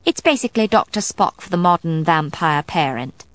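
A brisk, hard-edged female vampire in an audiobook, voiced by a woman. She sounds matter-of-fact and clipped, with a low voice and a dry, close sound. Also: lively intonation, dry recording, lightly acted.

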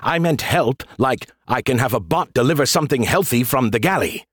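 A man's voice: mid-range voice, expressive, brisk, fairly bright tone, slightly rough, dry recording, clean studio sound. A man voicing a smug, sarcastic male AI who talks down to people and calls them names. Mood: condescending. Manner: snarky, condescending, name-calling.

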